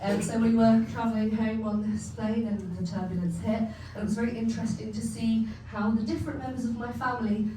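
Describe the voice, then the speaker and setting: A woman's voice: a little high, fairly even intonation, a little fast, hardly any pauses, dark tone. A young woman from England performing a stand-up set, chatty and self-mocking, laughing often as she acts out her family. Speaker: stand-up comedian. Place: comedy club stage. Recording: echoey venue from far off, faint hum.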